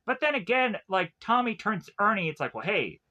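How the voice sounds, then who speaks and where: A man's voice: sits high, lively intonation, a little fast, sharp tone, highs cut off. A young man casually recapping TV episodes, rambling with many fillers and frequent chuckles. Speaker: TV show reviewer.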